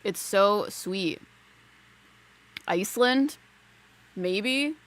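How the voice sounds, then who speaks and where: Giving a live psychic reading from her desk at home, this streamer talks freely, giggles between thoughts, and leans heavily on "like." She speaks very slowly in an expressive, medium-pitched voice captured by a desk mic.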